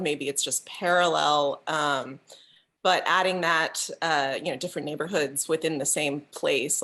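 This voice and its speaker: A woman's voice: deep voice, fairly bright tone. A woman asking the panel a question, tentative and thinking aloud. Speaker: audience member asking a question.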